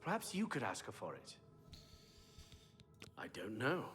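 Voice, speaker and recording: A man's voice: lowish voice, wildly swooping pitch, unhurried, fairly bright tone, soft background music, heavily acted. An actor playing a male mage scholar in a video game, earnest and a little weary as he studies a strange relic.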